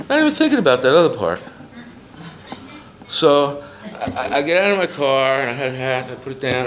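A man's voice: medium pitch, slight background noise, poor audio. A man in his seventies giving a personal testimony to a recovery meeting, rambling through his story with profanity and self-mocking humor. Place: meeting room with a small audience.

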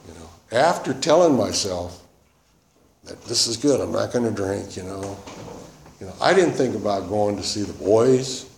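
A man with a lowish voice tells his story in a loose, rambling way, looping back on himself as he talks. He speaks in a roomy space that echoes, with a faint hiss underneath. It sounds like a speaker sharing his testimony at a meeting. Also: expressive, moderate pace, vocal fry. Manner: rambling and conversational, full of "you know" and "man". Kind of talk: personal testimony. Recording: roomy echo with faint noise.

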